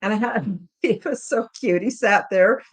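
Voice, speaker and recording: A woman's voice: medium pitch, measured pace, slightly rough. A woman hosting a podcast live chat, telling a personal story in a casual, rambling, openly emotional way with many fillers. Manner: rambling and heartfelt, many "you know" fillers. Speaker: podcast host.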